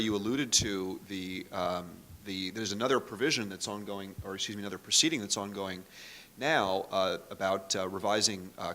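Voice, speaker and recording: A man's voice: on the low side, sharp tone, slight background noise. A man moderating a panel discussion, stammering a little as he poses questions and invites the audience in. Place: conference room.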